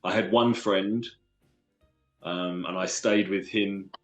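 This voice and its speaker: A man from London with a London accent, a guest telling stories from his life in an earnest, halting way with many restarts. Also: deep voice, fairly even intonation, echoey room, soft background music. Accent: London English. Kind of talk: casual storytelling interview.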